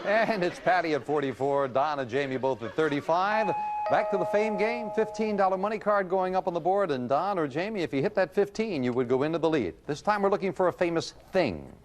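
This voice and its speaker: A man's voice: a little high, animated, brisk. A man hosting a quiz show, reading clues and joking with the contestants. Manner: jovial, playful banter with contestants. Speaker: game show host. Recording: 1980s TV broadcast with loud audience and noise.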